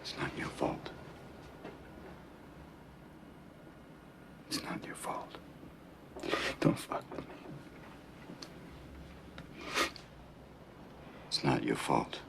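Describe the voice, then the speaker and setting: An actor playing a gentle older male therapist who softly and insistently repeats himself to a young man, in a film clip. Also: a little slow, in a whisper, close to an everyday voice. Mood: hushed. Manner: soft, insistent repetition. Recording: film clip with background noise.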